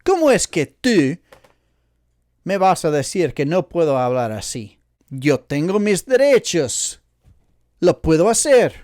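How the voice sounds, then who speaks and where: A man hosting a podcast monologue, deliberate and emphatic, repeating key phrases. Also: a little high, very animated, a little mellow, no room sound, studio quality. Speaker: podcast host.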